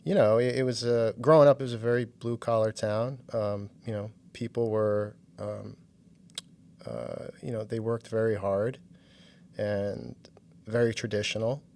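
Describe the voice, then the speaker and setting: Low-voiced, easygoing male guest. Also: level tone, unhurried, gravelly, darkish tone, slight background noise. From New York. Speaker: guest musician. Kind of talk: casual interview.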